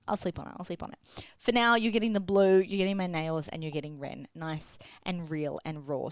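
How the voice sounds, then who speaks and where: A young woman in her twenties talks straight to her listeners in a frank, casual solo podcast, swearing freely. Her voice sits a little low. The sound is close and dry. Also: no echo. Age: 20s. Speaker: podcast host and women's coach. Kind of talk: candid solo podcast chat. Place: at home, sitting on the floor against a wall.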